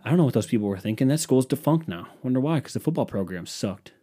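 A man's voice: mid-range voice, animated, quick pace, mellow. A young man hosting a podcast, telling a profane, exasperated story in a casual solo rant. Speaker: podcast host.

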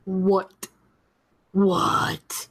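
A woman's voice: medium pitch, level tone, extremely slow, husky, rough recording. A woman co-hosting a talk show in casual chat, drawing out her words with gasps and giggles. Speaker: podcast co-host.

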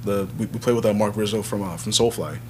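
A band's singer and songwriter chats casually in an interview, his lowish voice moving fast over slight background noise. He's a relaxed, rambling storyteller who acts out quotes as he goes.

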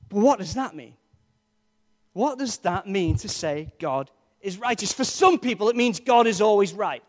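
A man's voice: high-pitched, animated, normal speed. A man preaching a sermon in a conversational, jokey way, with playful asides to the congregation. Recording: long reverb of a large hall.

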